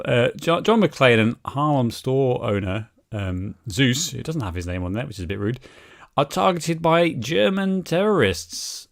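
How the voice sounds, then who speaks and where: Rambling British man on a podcast. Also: mid-range voice. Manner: rambling, hesitant, mock-outraged. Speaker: podcast co-host. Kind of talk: casual chat.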